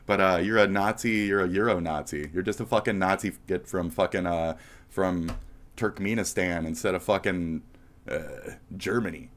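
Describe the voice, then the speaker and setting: A man's voice: low-pitched, normal speed, a bit bright, a little hiss or hum. Profane, ranting man. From United States. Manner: profane, heated ranting with mocking asides. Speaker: streamer. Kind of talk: live-stream commentary rant.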